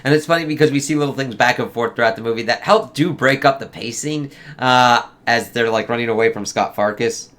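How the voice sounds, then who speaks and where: A man's voice: mid-range voice, brisk, hardly any pauses, a bit bright. Profane rambling man reviewing a movie. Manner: profane, rambling, acts out quotes in raised voice. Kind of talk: casual spoiler review.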